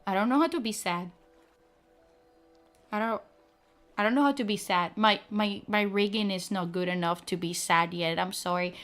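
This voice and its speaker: A woman streamer chatting casually to her viewers, talking fast and filling her speech with "like". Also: medium pitch, fairly bright tone, faint music behind. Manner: fast-talking, full of "like" fillers. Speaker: streamer debuting a virtual avatar. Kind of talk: casual chat.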